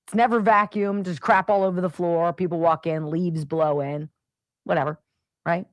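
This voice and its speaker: A woman's voice: fairly low pitch, fairly even intonation, normal speed, no room sound, clean studio sound. A woman hosting a radio talk show, ranting with sarcastic exasperation. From Pennsylvania, United States.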